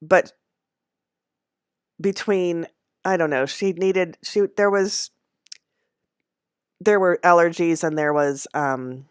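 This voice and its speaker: A woman's voice: on the low side, slow, pauses often, clear, resonant tone, no room sound, studio quality. A woman who knits by hand, casually telling a personal story in a rambling way, with fillers, self-corrections and frequent laughter. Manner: amused, laughs often. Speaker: handknitter.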